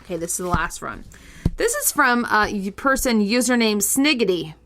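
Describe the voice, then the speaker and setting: Woman on a casual podcast, reading spooky listener stories aloud in an animated way. she breaks off with quick reactions and laughs, then goes back to the reading. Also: mid-range voice, over a noisy crowd. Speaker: podcast co-host.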